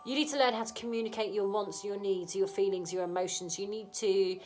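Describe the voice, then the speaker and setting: Frank, chatty woman with a cold, reading tarot over soft background music. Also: medium pitch, fairly even intonation, brisk. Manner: chatty, frank, keeps asking "okay?". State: has a cold. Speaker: tarot reader. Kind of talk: casual tarot reading to camera.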